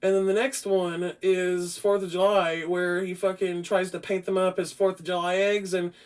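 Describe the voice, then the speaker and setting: High-voiced, profane rambling podcast host. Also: male voice, moderate pace, clean tone. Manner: profane, rambling, frequent restarts; grows loud and animated. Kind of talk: casual rambling film review.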